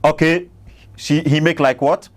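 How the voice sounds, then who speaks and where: A man's voice: a little high, fairly even intonation, measured pace. A man hosting a commentary channel, arguing against a clip he plays, stammering and repeating himself. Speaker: Christian apologist channel host.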